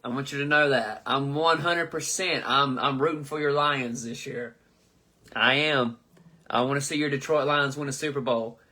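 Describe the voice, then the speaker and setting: Young man, live comedy host, bright tone, loose profane banter. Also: mid-range voice, steady tone, moderate pace. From southern United States. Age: 20s. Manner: loose, profane, joking, stumbles over names. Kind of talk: live-stream comedy chat reading comments.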